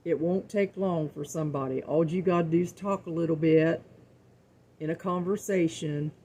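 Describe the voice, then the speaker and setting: Her voice is deep, warm and slightly rough, moving at a moderate pace. This middle-aged cooking-show host chats earnestly with viewers about faith, folksy in tone and doubling up words to stress them.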